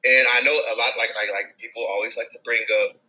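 A man co-hosting a casual sports podcast, excitable and building his arguments with rising emphasis. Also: mid-range voice, fast talker, lo-fi sound. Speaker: podcast co-host.

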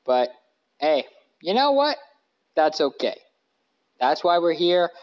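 A man's voice: fairly high pitch, big pitch swings, slow, highs cut off. A man hosting a casual sports podcast from his couch, rambling and correcting himself with lots of fillers. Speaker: podcast host. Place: living room couch.

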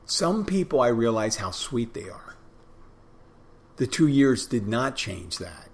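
A man's voice: medium pitch, very animated, slow. A middle-aged man hosting a podcast, talking in a rambling, folksy solo monologue. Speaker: podcast host.

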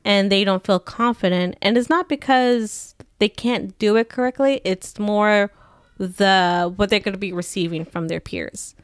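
A woman's voice: mid-range voice, unhurried, clean tone, dry recording, studio quality. A woman co-hosting a podcast in casual chat, giggling and nervous as she talks. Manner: giggly, nervous, laughs often. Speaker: podcast co-host.

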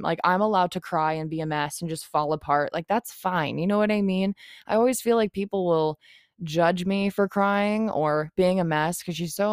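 Talking candidly on her own podcast, a young woman wanders from point to point, confessing things openly and cursing without restraint. She speaks in a lowish voice, captured dry at studio quality.

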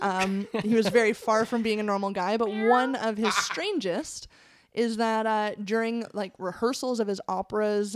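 Chatty woman hosting a casual podcast. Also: mid-range voice. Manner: chatty, swears casually, many fillers. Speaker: podcast host reading a countdown list.

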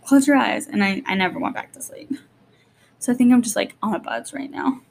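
Jittery young mom vlogging, gravelly edge. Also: female voice, medium pitch. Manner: rapid rambling, lots of "like", nervous. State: jittery and short on sleep. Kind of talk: casual vlog chat.

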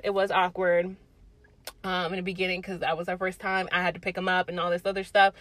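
A young woman talks straight to her camera in a loose storytime ramble. She is blunt and animated and swears without a second thought. Her voice sits in a plain middle range. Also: medium pitch, poor audio. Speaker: vlogger. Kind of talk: casual storytime chat.

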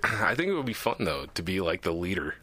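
A man riffs through casual podcast chat, cracking jokes and laughing often. His voice sits low but swings widely in pitch. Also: big pitch swings, fairly quick, bright, forceful tone, slight background noise. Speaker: podcast co-host. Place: small shed.

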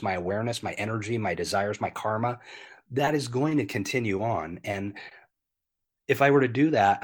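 A man in his fifties talking candidly as an interview guest, earnest and animated, filling with "you know" and swearing freely. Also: mid-range voice, husky.

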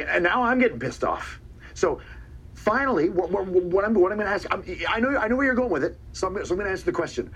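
A man's voice: fairly high pitch, breathy edge. A man, a pro wrestler, giving a boastful, taunting promo interview in a clip from a TV broadcast, often stammering and repeating his words.

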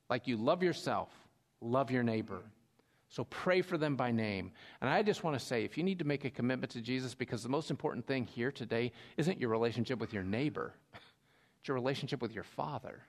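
A man preaching a sermon as pastor, telling a story with lively swings between loud emphasis and quiet asides. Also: medium pitch.

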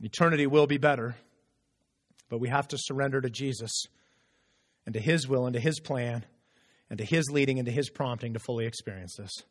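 A man preaching a sermon as a pastor, earnest and animated, often stammering into restarts as he reads and explains scripture. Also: mid-range voice, fairly quick, long pauses. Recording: long reverb of a large hall.

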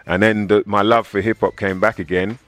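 Low-voiced English rapper telling stories. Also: male voice, a little fast, dry recording. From England. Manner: animated storyteller, acts out quoted voices. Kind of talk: casual interview talk.

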